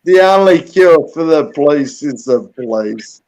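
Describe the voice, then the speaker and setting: A man's voice: on the high side, animated, measured pace, a little mellow, poor audio. An Australian man in his late forties hosting a casual stream chat, laid-back and swearing freely. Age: 40s. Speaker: host of a live music stream.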